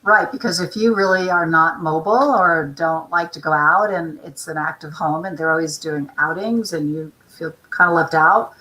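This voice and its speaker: A woman hosts a casual talk show, chatting in long, run-on explanations. Her voice sits low but has a bright, forceful edge. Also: normal speed, few pauses, low-quality recording. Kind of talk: casual interview chat.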